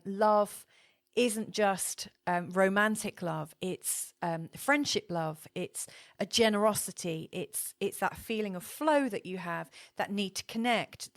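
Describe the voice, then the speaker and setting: A woman's voice: mid-range voice, dry recording. A woman presents a recorded astrology lesson in a mid-range voice. She explains at an easy pace, full of ums and restarted words. The sound is close and dry, with no room around it. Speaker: astrology teacher.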